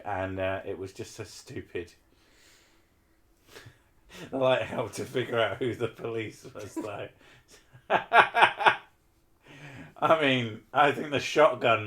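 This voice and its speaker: A man's voice: fairly low pitch, bright, forceful tone. A man hosting a live stream, chatting casually and rambling through self-mocking asides.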